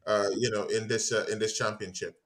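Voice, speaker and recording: A man's voice: fairly low pitch, flat delivery, fast. A man hosting a live watch-along stream, chatting casually and teasing his guests with lots of laughter. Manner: laughs a lot, teasing banter.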